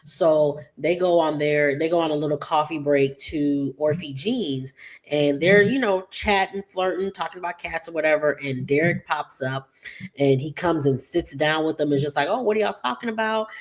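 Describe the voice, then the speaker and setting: A woman giving a casual, rambling recap of an episode, with many fillers and quick paraphrased quotes. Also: sits low, fairly even intonation. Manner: chatty, rambling, full of "like" and "just like". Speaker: soap opera recap vlogger.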